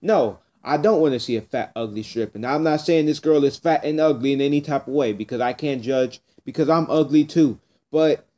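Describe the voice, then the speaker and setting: A teenage boy tells a story straight to camera, rambling and blunt, often circling back to the same point. His voice sits a little high and sounds warm and mellow. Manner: blunt, rambling, repeats himself. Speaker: vlogger. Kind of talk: casual storytelling rant.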